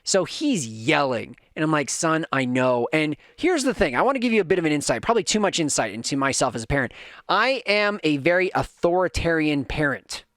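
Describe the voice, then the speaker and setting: A man's voice: a little high, big pitch swings, brisk, fairly bright tone, no echo, clean studio sound. A man in his thirties hosting a podcast, telling a rambling, self-correcting story in a casual rant that acts out his kids' voices. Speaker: podcast host.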